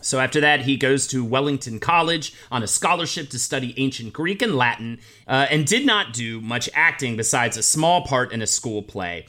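A man's voice: mid-range voice, normal speed, hardly any pauses. A man hosting a casual podcast, narrating a biography with jokes. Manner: animated, joking. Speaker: podcast host.

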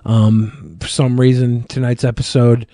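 A man's voice: medium pitch, little pitch movement, a little slow, warm tone, dry recording, studio quality. A man hosting a live podcast, reading viewer questions and talking in a profane, exasperated way. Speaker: podcast host.

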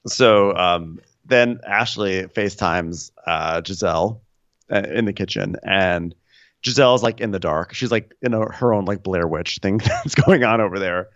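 A man co-hosting a podcast, recapping a reality show in a wry, animated, comedic way. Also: deep voice, a little slow, no echo, dull audio. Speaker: podcast co-host.

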